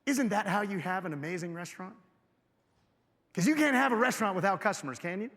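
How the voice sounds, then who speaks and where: A man's voice: high voice, animated, fast talker, fairly bright tone. A man giving a live keynote speech in a large hall, energetically asking the audience questions and getting them to join in. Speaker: keynote speaker. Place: large hotel event hall. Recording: reverberant hall.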